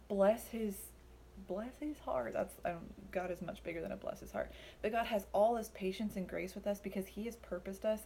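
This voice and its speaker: A woman's voice: medium pitch, dark tone, slight background noise. A young woman giving a casual Bible study talk, chatty and full of fillers, acting out the lines she quotes. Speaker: Bible teacher.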